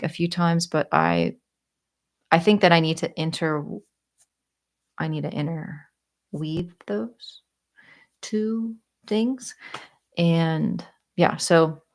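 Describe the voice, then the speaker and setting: A young American woman chatting casually to her viewers while answering their questions, animated and giggly, rambling from one thought to the next. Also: on the low side. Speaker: YouTuber.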